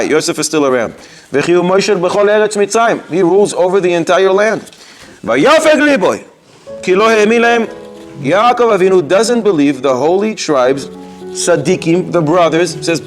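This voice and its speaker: Animated rabbi giving a Torah lesson. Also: male voice, on the high side, normal speed, faint music behind. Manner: animated, quoting Hebrew verses and explaining them. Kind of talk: Torah lecture on scripture.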